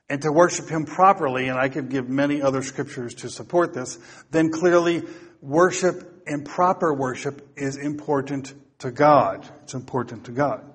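A man's voice: fairly high pitch, breathy edge. A man preaching a topical sermon, talking casually to his congregation and then reading psalms aloud with rising emphasis.

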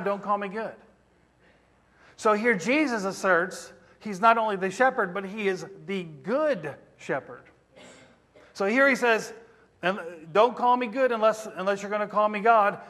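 High-voiced preacher in an echoing hall. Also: male voice, a bit bright. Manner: interactive, questioning the congregation. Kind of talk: sermon. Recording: reverberant hall.

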